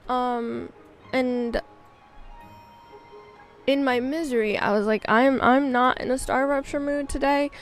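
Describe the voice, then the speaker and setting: A woman's voice: high-pitched, steady tone, takes it slowly, long pauses, faint music behind. Chatty woman streamer, rambling. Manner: rambling, candid and self-mocking. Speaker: game streamer. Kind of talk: casual chat while gaming.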